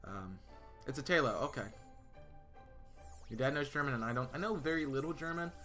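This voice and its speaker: Playing a game, a male streamer chats loosely with his live audience in a bright, forceful, medium-pitched voice, expressive and fairly quick. Faint music sits beneath his rambling stories and answers to viewers, which are full of stumbles, restarts, and fillers.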